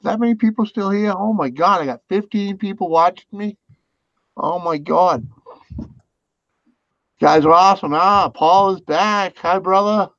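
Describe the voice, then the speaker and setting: A man's voice: high voice, a little slow, long pauses, fairly bright tone, no echo. A man hosting a casual livestream chat, easygoing and self-deprecating, laughing often. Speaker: livestream host. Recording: dull, dry lo-fi sound.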